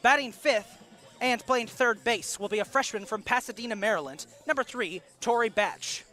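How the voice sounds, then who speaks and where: A male play-by-play announcer with a high, bright, ringing voice, reading out the starting lineups in a steady broadcast cadence. He corrects his slips quickly and moves on. Faint music plays behind him. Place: college softball field broadcast booth.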